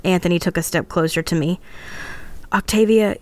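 A woman's voice: on the low side, steady tone, brisk, smooth. Woman reading an emotional first-person tale. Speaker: podcast co-host. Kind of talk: first-person story narration.

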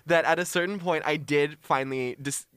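A man's voice: a little high, a little fast, fairly bright tone, smooth, no room sound. A young man co-hosting a casual podcast, rambling playfully with frequent restarts. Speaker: podcast co-host. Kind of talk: casual chat.

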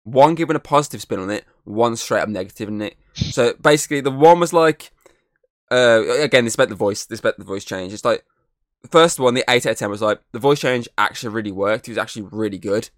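A fast-talking podcast co-host with a medium-pitched voice rambles loosely through casual chat, swearing often and leaning on fillers. The sound is clean studio audio without echo.

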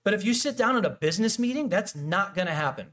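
Chatty pastor, fairly high voice. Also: male voice, quick pace. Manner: animated, acts out quoted dialogue, frequent restarts and fillers. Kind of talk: casual conversational sermon.

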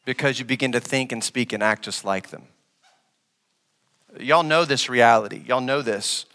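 A man preaching a sermon as pastor, asking the congregation questions and repeating phrases for emphasis, swinging from loud, raised lines to quiet, low ones. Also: moderate pace, in a large hall. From West Africa.

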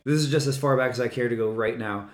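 A boisterous man who talks loud, a podcast guest telling stories in casual chat. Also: mid-range voice, fast talker, roomy sound. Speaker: podcast guest, cage fighter.

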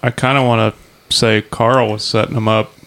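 A man's voice: lowish voice, flat delivery, moderate pace, fairly bright tone. A man co-hosting a casual movie podcast, speaking in a laid-back, hesitant way with trailing phrases. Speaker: podcast co-host. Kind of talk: casual movie discussion chat.

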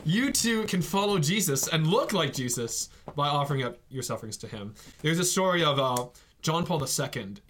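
A man's voice: on the high side, animated, fairly bright tone, a little hiss or hum. A man hosting a casual faith podcast, joking and laughing between points. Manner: jokey and laughing, quick asides. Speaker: podcast host.

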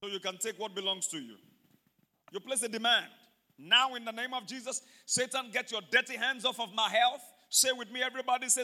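A man preaching a fervent sermon in a church, often shouting and calling on the congregation to repeat after him. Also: very high voice, brisk. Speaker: pastor. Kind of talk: sermon with call-and-response. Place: church service.

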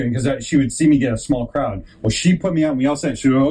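A man's voice: mid-range voice, brisk, hardly any pauses, husky, rough recording. A man hosting his own podcast, telling a rambling personal story, often restarting sentences and acting out other people in raised voices. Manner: animated, acts out quoted people in raised voices. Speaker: podcast host.

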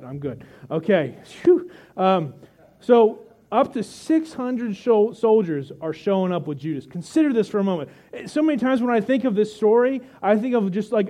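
With a warm tone and a voice that sits high, this pastor jokes conversationally with his congregation during a sermon. He brings scripture to life through vivid storytelling punctuated by dramatic pauses.

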